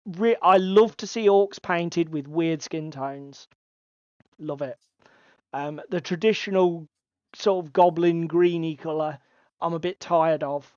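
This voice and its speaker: Speaking slowly and smoothly in a fairly high, steady voice, a male co-host makes casual conversation on a hobby podcast, chatty and prone to swearing. The audio has no room sound but comes across as slightly dull and lo-fi.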